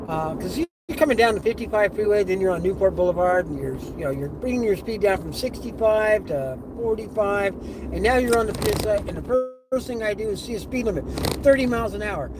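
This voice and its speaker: A middle-aged man tells a casual story while driving, acting out the voices he quotes with lively energy. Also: high-pitched. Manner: animated, acts out quoted voices. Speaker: live streamer. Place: inside a car on the road. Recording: car and road noise behind.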